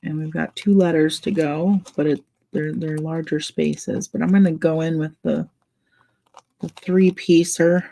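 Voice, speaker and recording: A woman hosting a relaxed craft livestream in a low, gravelly voice. She talks slowly and rambles along chattily, laughing often as she goes. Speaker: livestream host. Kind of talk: casual livestream chat while crafting.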